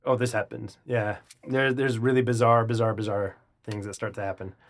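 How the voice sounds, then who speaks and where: A man's voice: lowish voice, little pitch movement, moderate pace. A man hosting an interview, talking casually and thoughtfully. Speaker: interview host.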